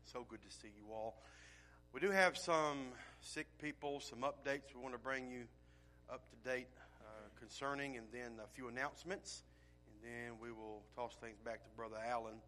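A pastor speaks to his congregation in a bright, ringing voice with a faint hum behind it. He talks in a folksy, unhurried way, leaning on "uh" and "um" while his loudness swells and drops. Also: medium pitch. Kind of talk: church welcome and announcements.

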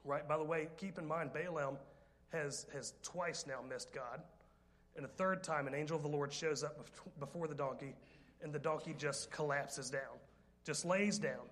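A male preacher with a fairly high voice tells a story from the pulpit. He jokes, wanders into asides and teases the congregation before getting back on track. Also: moderate pace. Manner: lively, joking, rambling with asides. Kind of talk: sermon storytelling.

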